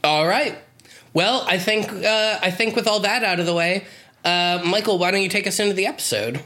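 A man's voice: high voice, normal speed, pushed and bright. A man co-hosting a podcast, chatting casually and sarcastically about a TV show, swearing now and then. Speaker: podcast co-host.

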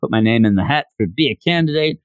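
A man's voice: mid-range voice, expressive, fast, dry recording, studio quality, natural voice. Man doing a laid-back cocky teen boy. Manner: casual, self-assured.

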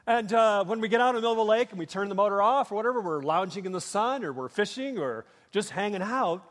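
A man's voice: high voice, expressive, quick pace. A middle-aged man from Minnesota with a Minnesotan accent, preaching a sermon in a folksy, humorous storytelling way with plenty of fillers. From Minnesota, USA. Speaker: pastor. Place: church sanctuary. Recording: long reverb of a large hall.

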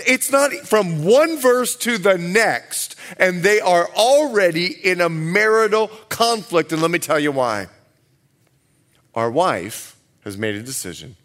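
A male pastor preaching at a church service. His high voice is playful and animated and swings widely in pitch. He takes his time and acts out little scenes for the congregation. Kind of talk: sermon.

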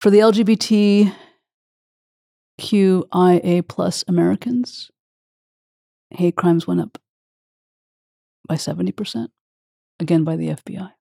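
A woman's voice: on the low side, measured pace, vocal fry, pauses often, dark tone, no echo, clean studio sound. A woman hosting an interview, openly emotional and affirming toward her guest. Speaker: host. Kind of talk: interview conversation.

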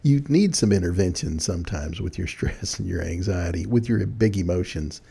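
An older man giving friendly, animated advice to young people in a folksy storytelling manner. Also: low voice, normal speed, vocal fry, husky. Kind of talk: casual talk.

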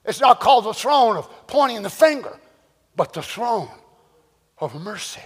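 A man preaching a sermon to a church congregation, animated and firing rhetorical questions. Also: high voice, unhurried, husky. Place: church sanctuary. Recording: long church-hall reverb.

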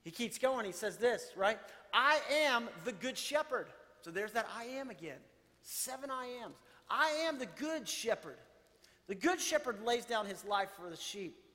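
A man delivers a sermon with an unusually high voice. He is animated and conversational as he quotes and explains scripture, sometimes softening to a hush. Long reverb from a large hall trails every phrase. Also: normal speed. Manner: animated preaching, quoting scripture and paraphrasing with rising intensity. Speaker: pastor.

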